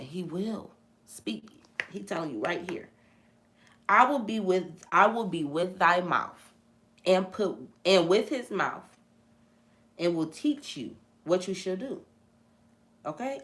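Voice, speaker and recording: A young woman hosts a casual live-stream Bible chat, preaching, repeating phrases for emphasis and reacting to viewer comments. Her medium-pitched voice has a sharp tone.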